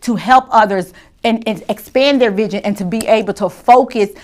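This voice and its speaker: A middle-aged woman hosts a casual faith-based talk show. She speaks straight to her viewers in a lively, chatty manner. Her voice sits at an ordinary middle pitch for a woman. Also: normal speed. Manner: lively and chatty, shifting to soft and quiet when grieving. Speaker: show host.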